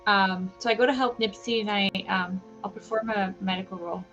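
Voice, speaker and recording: A woman's voice: mid-range voice, fairly even intonation, brisk, a bit bright, highs cut off, faint music behind. A woman playing a tabletop game, chatty and rambling, a bit flustered in character. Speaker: player. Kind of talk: casual tabletop role-play.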